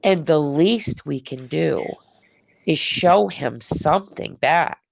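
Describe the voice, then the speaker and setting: A woman hosting a casual conversation about faith, telling stories with lively acted-out asides. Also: low voice, slow pace, creaky, a little hiss or hum. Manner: animated storyteller, acts out her own prayers. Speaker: podcast host.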